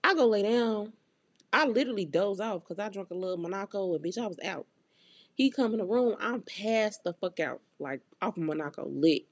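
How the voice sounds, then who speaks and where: Speaking at a normal speed with lively intonation, this young female podcast host tells a story in a candid, profane, blunt style, voicing the quoted lines herself. Her voice sits at a medium pitch with a breathy edge, recorded dry.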